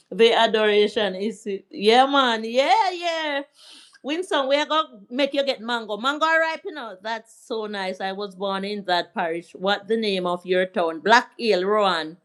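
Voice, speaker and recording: A middle-aged Jamaican woman, her voice sitting a little high for a woman. She speaks at an unhurried pace in a casual live stream, telling a family story and answering viewers' comments. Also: animated, a bit bright. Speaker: livestream host.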